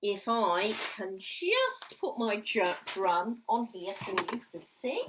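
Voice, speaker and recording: A woman's voice: mid-range voice, very animated, takes it slowly, background noise. A woman teaching a recorded music lesson to young children at home, in a sing-song, encouraging way that draws words out. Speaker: primary school music teacher.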